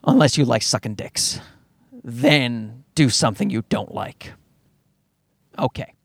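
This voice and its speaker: A man hosting a podcast in a casual, rambling monologue, sarcastic and quick to swear. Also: medium pitch, vocal fry, dry recording, studio quality. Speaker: podcast host.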